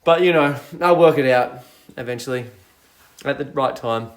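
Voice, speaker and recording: A man's voice: medium pitch, moderate pace, creaky. A young man hosting a casual phone livestream, rambling playfully and reading out viewer comments. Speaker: livestream host.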